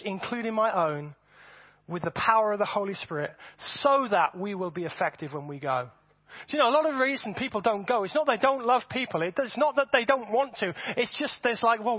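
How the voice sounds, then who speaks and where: A man preaching a sermon to his congregation, animated and often repeating words as he builds his points. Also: sits high, husky, no echo. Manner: animated, repeats words, acts out voices for effect. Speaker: pastor. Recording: dull, dry sound.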